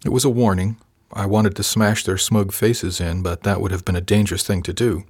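Brief: male narrator, low voice, dry close recording, calm first-person reading. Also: a little fast, slightly rough, no room sound. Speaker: audiobook narrator.

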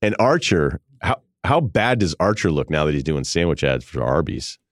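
A man's voice: rumbling low, sing-song, moderate pace, no echo, studio quality. A male podcast host in his forties, telling a rambling, self-amused comic story in casual chat. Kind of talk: casual comedic monologue.

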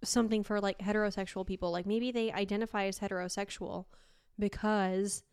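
A young woman from Argentina in casual podcast chat, chatty and quick to laugh. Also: mid-range voice, smooth, dry recording. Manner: laughs often, chatty and animated.

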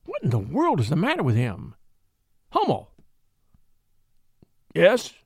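A man voicing a brisk, concerned doctor who fires off short probing questions. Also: fairly high pitch, huge pitch swings, breathy edge, dry recording, clean studio sound, heavily acted.

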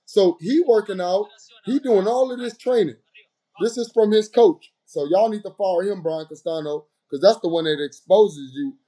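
A man with a warm, relaxed tone that still sits a little high for a man. He is a professional boxer airing grievances in a heated monologue to the camera. He presses each point again and again. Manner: emphatic and aggrieved, repeating points. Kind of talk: impassioned direct-to-camera monologue.

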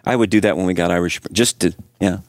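A man's voice: sits low, quick pace, dry recording, studio quality. A man co-hosting a podcast, playful and jumping between topics. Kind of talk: casual podcast chat.

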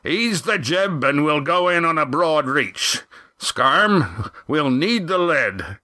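A man voicing a gruff, commanding older male sea captain in a storybook reading. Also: fairly high pitch, lively intonation, takes it slowly, sharp tone, dry recording, clean studio sound, voice pushed up, heavily acted.

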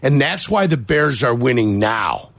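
A man's voice: medium pitch, sing-song, unhurried, a bit bright, no room sound. A man co-hosting a sports talk radio show, ribbing his partner with mock outrage.

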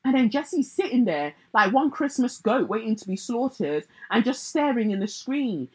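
A woman's voice: fairly high pitch, big pitch swings, normal speed, breathy edge, poor audio. A young woman, giving blunt, sarcastic pop-culture commentary and mocking others in put-on voices.

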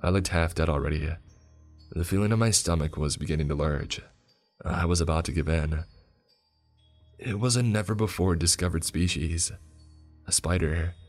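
A man narrating a first-person horror story in a grim, measured way. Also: deep voice, faint music behind.

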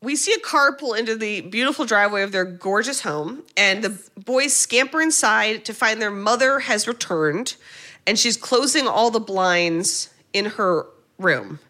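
Bright, playful woman. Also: medium pitch, lively intonation, unhurried. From United States. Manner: playful, rambling, jokey asides. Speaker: podcast co-host. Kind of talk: casual comedic movie recap.

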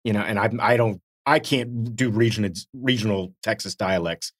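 A husky-voiced man co-hosts a casual podcast, talking through a TV episode with animated energy. He slips into quick impressions and laughs along the way. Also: on the low side. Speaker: podcast co-host. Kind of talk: casual rewatch podcast chat.

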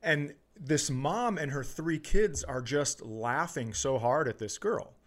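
A man's voice: on the high side, takes it slowly. A man hosting a podcast, chatting casually and telling a profane story while acting out quotes. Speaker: podcast host.

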